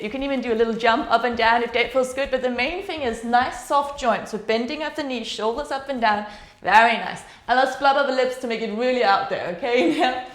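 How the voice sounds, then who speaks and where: A woman teaching a yoga class, guiding breath and movement with soft, encouraging instructions. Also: fairly high pitch. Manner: soothing, encouraging guidance. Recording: roomy echo.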